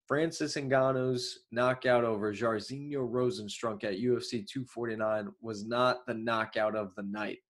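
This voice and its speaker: On his MMA show, a young man with a nasal, choppy Long Island accent goes over fight results alone. His mid-range voice moves at a normal speed with few pauses, rambling through filler-heavy commentary punctuated by sudden excited outbursts.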